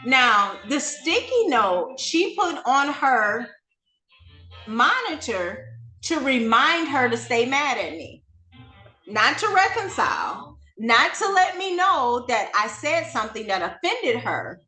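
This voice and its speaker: High, bright-voiced woman telling a story. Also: slow, roomy sound, faint music behind. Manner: animated, emphatic, conversational. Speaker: talk show host. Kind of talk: storytelling to an audience.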